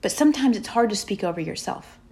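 A woman giving a faith-based motivational talk, speaking in emphatic, repeated affirmations with slow, drawn-out pauses. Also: mid-range voice, lively intonation, darkish tone.

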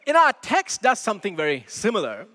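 A man preaching a sermon as pastor in a church, measured and emphatic, asking rhetorical questions. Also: high-pitched, huge pitch swings, bright, forceful tone, big-room sound. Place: church sanctuary.

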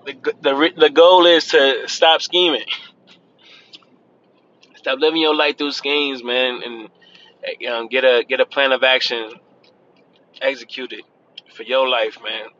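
A man's voice: mid-range voice, steady tone, takes it slowly, long pauses, sharp tone. Chatty man vlogging from his car. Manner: loose and chatty, says "man" and "y'all" often. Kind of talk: casual monologue to viewers. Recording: dull lo-fi sound with faint vehicle noise.

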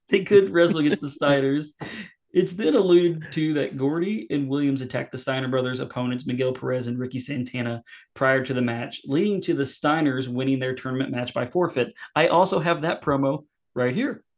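A man co-hosting a podcast, recapping an old match in a relaxed, amused way. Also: medium pitch, moderate pace. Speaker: podcast co-host. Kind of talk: casual commentary.

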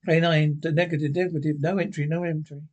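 A man's voice: on the high side, flat delivery, fast talker, darkish tone, highs cut off, close to an everyday voice. A man reading the part of a robot dog computer, clipped and mechanical. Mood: warning. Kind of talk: reading a script aloud.

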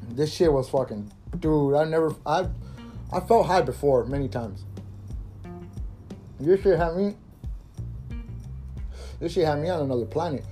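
A man's voice: on the high side, lively intonation, a little slow, pauses often, warm tone. A man in his thirties rambling in a casual, profanity-heavy monologue as a podcast host, laughing and coughing from smoking. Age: 30s. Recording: faint guitar music behind.

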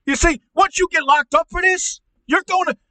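A furious middle-aged uncle rants at the top of his lungs, played by a man in a put-on voice, his tone very high and sharply bright. He stumbles over repeated words and swears constantly, recorded dry and close to the mic. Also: normal speed, no echo, poor audio. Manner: yelling, profane, repetitive stammering rant. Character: loud ranting angry middle-aged uncle. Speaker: comedy podcast character.

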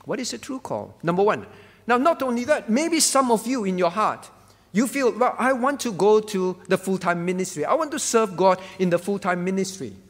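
Emphatic pastor preaching in a reverberant hall. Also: male voice, high-pitched, big pitch swings, moderate pace. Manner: emphatic, repeats key phrases, asks the congregation questions. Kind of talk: sermon.

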